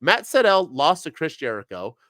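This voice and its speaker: A man's voice: on the high side, very animated, normal speed, a bit bright, dry recording, studio quality. A man co-hosting a casual wrestling podcast, ranting with frustrated sarcasm. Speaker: podcast co-host.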